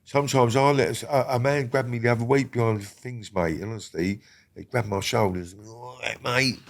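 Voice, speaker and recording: A man's voice: medium pitch, steady tone, normal speed. Older man, blunt and sweary. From England. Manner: blunt, heavy swearing, rambling restarts. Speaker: podcast guest. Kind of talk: casual interview talk.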